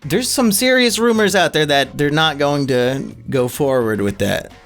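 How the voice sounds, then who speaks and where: A man's voice: a little high, animated, measured pace, fairly bright tone, soft background music. A man co-hosting a casual movie podcast, blunt and crude, talking with strong opinions. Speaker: podcast co-host.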